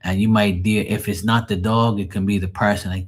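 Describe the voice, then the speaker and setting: A low-voiced man chats on a live stream in a loose, rambling way. He jokes and swears freely as he talks to viewers. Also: flat delivery, brisk. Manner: rambling, profane, joking. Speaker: live tarot reader and streamer. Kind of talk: casual live-stream chat.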